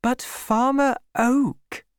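A reader, likely a man, voicing a proud young woman farmer in a raised, lighter voice, speaking slowly and firmly. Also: very high voice, fairly even intonation, clean tone, no room sound, studio quality, pitched above the performer's own voice, heavily acted. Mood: firm refusal. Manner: firm, slow and deliberate.

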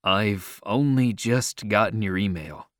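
A man reading a story aloud and voicing a nervous, soft-spoken teenage boy in a slightly lowered, hesitant voice. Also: slow, no echo, studio quality. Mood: shy.

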